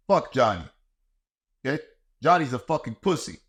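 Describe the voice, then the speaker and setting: Here a middle-aged martial arts coach hosting a podcast launches into a blunt, angry, cuss-filled monologue on raising children. His voice sits in the mid range, with lively intonation and a normal speed.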